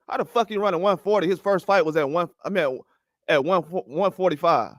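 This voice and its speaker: A man's voice: high voice, fast talker, a bit bright, no room sound, clean studio sound. A man ranting about boxing with heated, profane speech and repeated rhetorical questions. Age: older. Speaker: boxing commentary host. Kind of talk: heated opinion rant.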